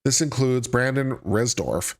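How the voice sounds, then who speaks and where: Reading a court filing aloud on his live stream, a man keeps pausing to add dry, sarcastic commentary as a legal commentary host. His mid-range voice is animated, with a measured pace.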